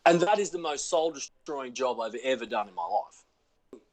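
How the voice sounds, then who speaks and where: Calling in by video from his home, this Australian actor is a guest in a casual chat, spinning self-deprecating stories in a laid-back way. His medium-pitched voice has lively intonation and moves at normal speed.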